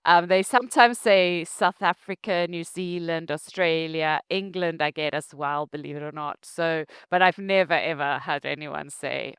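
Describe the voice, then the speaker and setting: A middle-aged woman from Zimbabwe with a Zimbabwean accent, a company founder telling her story in an interview, animated and laughing often. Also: sits low, normal speed, hardly any pauses, clear, resonant tone, no room sound.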